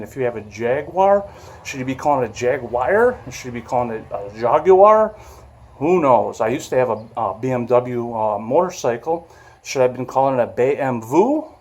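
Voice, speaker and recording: A man's voice: medium pitch, darkish tone. A man, hosting a casual vlog and talking in a rambling, hesitant way with many fillers. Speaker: vlog host, vehicle restorer. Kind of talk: casual chat.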